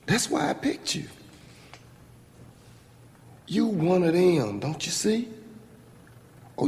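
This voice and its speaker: An actor playing a defiant man on trial who confronts his own lawyer, speaking slowly and intensely in dramatic film dialogue. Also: medium pitch, vocal fry, darkish tone, slight background noise. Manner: slow, intense, accusing. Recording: film audio with long reverb and faint ambience.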